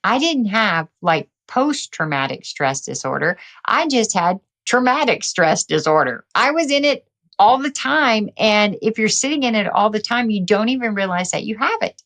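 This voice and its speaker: A middle-aged woman telling her story as a podcast guest, energetic and quick to laugh. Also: mid-range voice. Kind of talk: casual interview talk.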